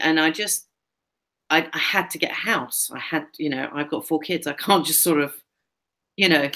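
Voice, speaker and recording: A woman's voice: low voice, pushed and bright. A middle-aged woman telling a personal story in casual, rambling talk, full of fillers and restarts as she co-hosts a chat.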